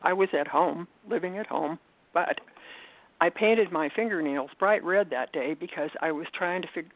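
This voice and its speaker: An older woman giving an earnest personal testimony as an interview guest, halting and restarting as she talks. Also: deep voice, dry recording. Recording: tinny phone line, dry.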